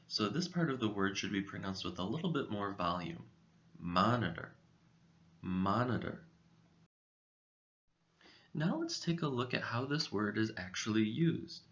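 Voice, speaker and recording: A man teaching a scripted vocabulary lesson, speaking slowly, clearly and deliberately. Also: mid-range voice, fairly bright tone, muffled recording. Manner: slow, clear, deliberate delivery. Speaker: English teacher.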